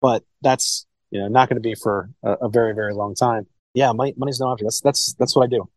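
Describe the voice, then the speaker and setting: A man from Ohio, a sommelier, chatting casually in a podcast interview. His voice sits at an ordinary middle pitch, recorded dry and close. He rambles, restarts his sentences and swears freely. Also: steady tone, fast talker, no echo, poor audio. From Cincinnati, Ohio, USA. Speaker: sommelier and wine shop owner.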